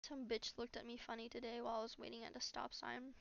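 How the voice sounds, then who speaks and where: A young woman venting in a casual, rambling monologue, halting often, swearing a lot and dropping to a near whisper. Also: on the high side, completely flat delivery, creaky, no echo. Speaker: vlogger. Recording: dull lo-fi recording.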